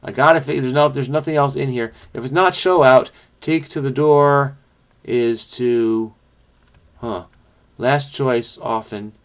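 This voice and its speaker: A man thinking aloud as he solves a crossword, muttering to himself with many fillers and self-corrections, quick bursts between slower musing. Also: mid-range voice. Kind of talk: thinking aloud while solving.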